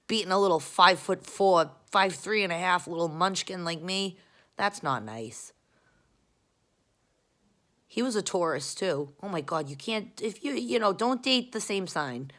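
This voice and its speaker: A woman vlogging at home, rambling bluntly and swearing as she talks to a camera she holds close, jumping between loud outbursts and quiet mutters. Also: fairly low pitch. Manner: rambling, profane and blunt, often restarting. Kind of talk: casual confessional rant.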